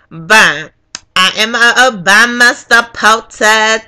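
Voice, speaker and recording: Bright, animated woman ranting a story. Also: a little high, slow pace. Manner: profane, acts out every voice in the story. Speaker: vlogger.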